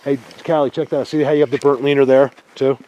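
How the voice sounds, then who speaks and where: A man's voice: medium pitch, little pitch movement, quick pace, dark tone, lo-fi sound, a little hiss or hum. A man vlogging on foot in a snowy forest, talking insistently and a bit grumpily, out of breath at times. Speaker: Bigfoot researcher vlogger. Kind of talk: casual outdoor vlog talk.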